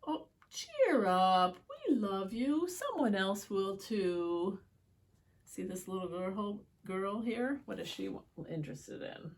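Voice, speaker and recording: A woman's voice: medium pitch, animated, slow, darkish tone. A woman reading picture books aloud to children, with chatty asides and questions for the young viewers. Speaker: children's story time reader.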